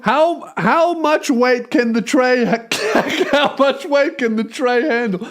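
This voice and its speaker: A man voicing a male militant mechanic calling about buying a truck, speaking in halting, broken phrases. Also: very high-pitched, pitched above the performer's own voice. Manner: broken, halting phone-call speech.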